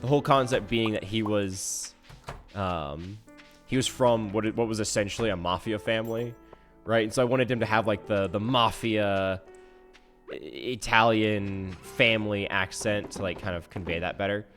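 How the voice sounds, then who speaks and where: A man streaming a game live, talking casually in a rambling, self-interrupting way full of restarts, swinging from soft mumbles to loud outbursts. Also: on the low side, normal speed, faint music behind. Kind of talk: casual live-stream chat while gaming.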